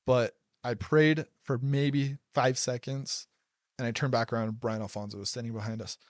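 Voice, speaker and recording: A man's voice: mid-range voice, flat delivery, normal speed, no echo, studio quality. A young man casually telling a personal story, rambling, with lots of "like" and restarts. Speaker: podcast host telling personal stories.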